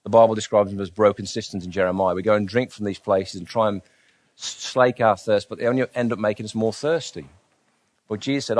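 A man preaching a sermon, earnest, asking rhetorical questions and softly voicing inner doubts. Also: lowish voice, fast talker.

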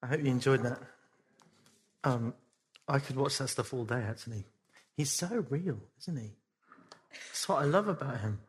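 A man's voice: mid-range voice, normal speed, pauses often, a little hiss or hum. A man addressing a church casually after a video clip. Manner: relaxed and conversational after a video.

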